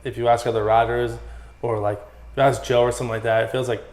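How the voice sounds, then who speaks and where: A man telling stories in a casual podcast interview, animated and full of swearing and "like"s. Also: mid-range voice, fast talker. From Massachusetts. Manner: profane, animated storytelling with many "like"s. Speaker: guest, former pro BMX rider. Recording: echoey room.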